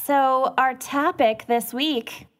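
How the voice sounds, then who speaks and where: A woman's voice: high voice, slow. A woman introducing and co-hosting a podcast in casual, jokey chat. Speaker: podcast co-host.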